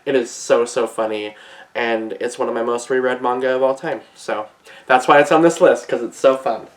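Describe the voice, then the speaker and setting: A young man gushing about his favorite manga in a casual vlog, effusive and quick to laugh, calling his viewers "girl". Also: medium pitch, fairly even intonation. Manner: gushing, effusive, says "girl" and "yes, queen", laughs often. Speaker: manga reviewer.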